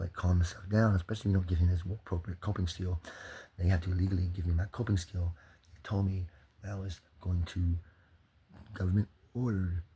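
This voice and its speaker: A man's voice: low-pitched, creaky, warm tone, breathy edge. A man ranting in an agitated, profane and rambling way, speaking straight to the camera as a vlogger. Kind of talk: angry personal rant.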